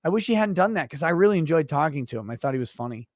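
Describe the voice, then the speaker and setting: Guy streamer reading chat messages out loud, blunt and sweary, kinda high voice, dry close sound. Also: animated, very fast, no echo. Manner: blunt, profane, offhand replies. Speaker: livestream host. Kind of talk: casual livestream chat reading viewer messages.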